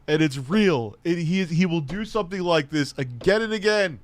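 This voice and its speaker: A man's voice: fairly high pitch, animated, normal speed, few pauses, no room sound. A man giving a mocking, incredulous commentary rant, laughing often and swearing freely. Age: adult, his own peer group. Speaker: commentary host. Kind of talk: ranting commentary.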